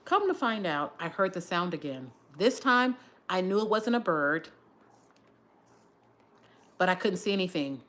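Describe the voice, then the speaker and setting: A woman chatting casually on her livestream, telling a story while doing her hair, with an animated, lively delivery. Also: measured pace, pauses often. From Texas area. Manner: animated storyteller, shifts to high voice when quoting shouts. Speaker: livestream host.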